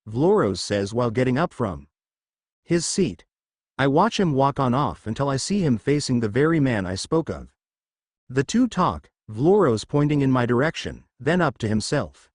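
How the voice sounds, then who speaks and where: Lively man narrating a story recap. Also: mid-range voice, moderate pace, no echo, studio quality.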